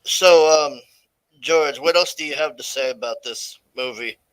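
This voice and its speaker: A man's voice: medium pitch, measured pace, a bit bright, no echo, low-quality recording. A man hosting a casual livestream chat who teases his guests and cracks jokes. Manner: teasing, joking. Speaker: stream host.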